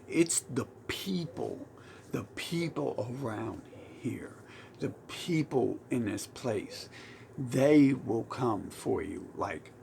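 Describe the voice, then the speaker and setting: A man with a Southern US twang rambles through a heated, profane rant, often restarting his sentences. His voice has a rough, gravelly edge and sits at a mid pitch. Faint noise hums behind him. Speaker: vlogger. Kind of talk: rambling monologue.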